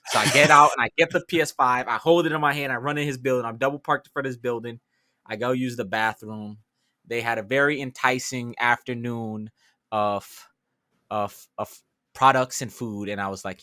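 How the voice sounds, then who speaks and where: A young man from the New York City area, a podcast co-host, telling a story in casual chat, animated and swearing as he acts out his own reactions. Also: medium pitch, a little fast, no room sound, studio quality.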